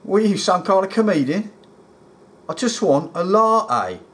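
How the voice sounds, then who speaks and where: A man voicing a blunt, eager young Geordie addict in rehab, with a Geordie accent. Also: measured pace. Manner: eager and blunt, lively rises in pitch.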